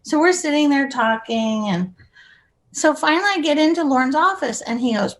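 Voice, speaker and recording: High-voiced, giggly woman telling stories. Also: lively intonation, moderate pace. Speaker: podcast guest. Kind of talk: casual anecdotal storytelling.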